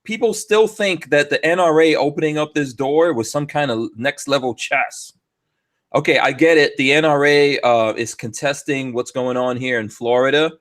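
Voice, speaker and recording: A man's voice: on the high side, moderate pace, a bit bright. A man hosting a casual podcast chat, heated and ranting, with mocking asides. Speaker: podcast host. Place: Florida studio.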